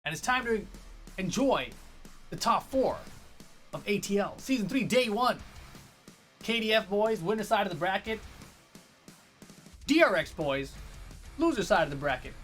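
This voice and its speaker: A man commentating a fighting game tournament on a live stream, talking fast in a rambling, jokey way and chatting to viewers. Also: high voice, sing-song, fairly bright tone, faint music behind. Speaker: esports commentator.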